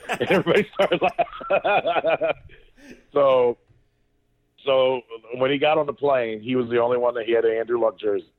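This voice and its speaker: A man's voice: mid-range voice, brisk, dry recording. Man on a tinny phone line. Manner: animated storyteller, swears, frequent restarts. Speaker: podcast co-host. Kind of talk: casual sports chat.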